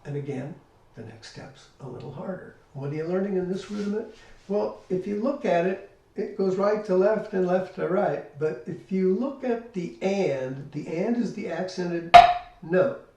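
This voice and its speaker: A man's voice: sits high, expressive, moderate pace. Older man teaching drums in an echoey room. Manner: explanatory, counts rhythms aloud. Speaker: drum teacher. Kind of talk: spoken drum lesson with demonstration. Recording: echoey room, distant mic, loud hiss.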